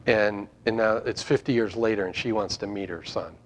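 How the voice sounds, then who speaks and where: A man's voice: fairly low pitch, steady tone, moderate pace, a little hiss or hum. A man preaching an informal sermon to his congregation, rambling and conversational with frequent restarts. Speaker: pastor.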